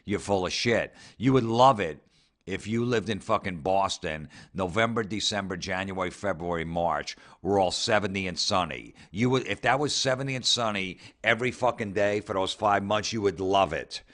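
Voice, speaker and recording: A man with a low voice rants in a profane, mocking comedy bit. He is sarcastic and blunt, sometimes picking up speed as he piles on the ridicule. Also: moderate pace, fairly bright tone. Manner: sarcastic, mocking, swears heavily, mimics people in put-on voices. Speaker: comedy podcast host. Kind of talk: profane ranting comedy commentary.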